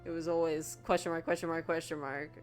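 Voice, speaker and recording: A young woman streaming a game, gushing and stammering excitedly as she reacts to the story. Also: deep voice, fast, soft background music. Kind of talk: casual game stream commentary.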